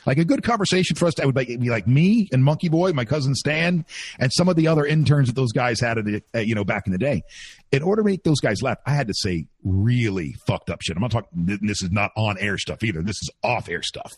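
A man who used to work in radio, talking in a casual podcast chat, telling animated stories and mimicking announcer voices. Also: medium pitch, fast talker, slightly rough, no room sound. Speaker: former radio host.

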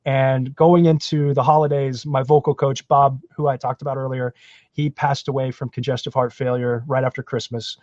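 A man from Florida telling his career story in a podcast interview, animated and self-deprecating. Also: medium pitch, moderate pace, no echo, muffled recording. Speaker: guest, actor.

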